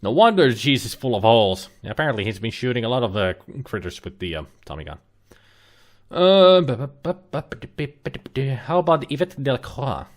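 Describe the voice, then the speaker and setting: A man's voice: mid-range voice, very animated, a little fast. A man giving casual, joking commentary while playing an old computer game, chatting and muttering asides. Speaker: let's play host. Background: faint game music.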